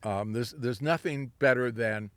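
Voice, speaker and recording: In an interview, a winery founder, an older man from Southern California, rambles through anecdotes and acts out the voices of those he quotes. He speaks unhurriedly in a medium-pitched voice, with no room sound.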